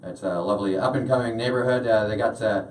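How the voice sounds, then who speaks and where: A young man doing a stand-up routine in a comedy club, deadpan, with lots of "uh" fillers. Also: lowish voice, quick pace. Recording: roomy club sound from a distance.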